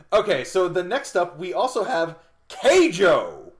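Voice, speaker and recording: Lively-voiced rambling male podcast co-host. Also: high-pitched. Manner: rambling, self-deprecating, lots of fillers and restarts. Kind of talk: casual chat.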